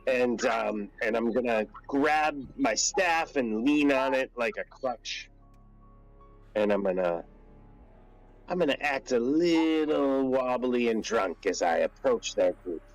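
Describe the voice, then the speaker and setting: A man's voice: medium pitch, animated, takes it slowly, dry recording, soft background music, rough recording. A man playing a tabletop game, laid-back and joking as he plans his moves. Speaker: player. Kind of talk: tabletop role-play chat.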